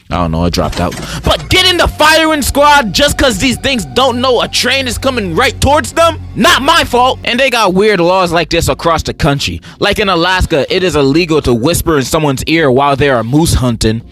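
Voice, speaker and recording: A young man riffing through comedic commentary in a high, bright voice. He swings his pitch all over with sarcastic, exaggerated delivery, and faint music plays underneath.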